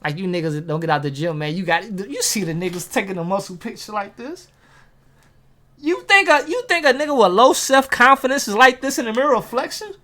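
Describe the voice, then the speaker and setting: Host of a self-improvement vlog: a man who talks straight to camera in street slang, hyped up, voice swinging high and low. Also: expressive, fairly quick, bright, forceful tone. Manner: hyped, street-slang delivery with big pitch jumps; talks straight to viewers, asking questions. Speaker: motivational vlogger. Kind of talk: casual motivational talk.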